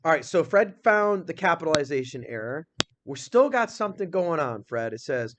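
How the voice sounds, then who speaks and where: An energetic man teaching a classroom grammar lesson, his voice sitting a touch high for a man. He keeps the class going with quick questions and reads each example sentence out slowly. A faint hum of noise runs under the recording. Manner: upbeat and energetic, asks the class many questions.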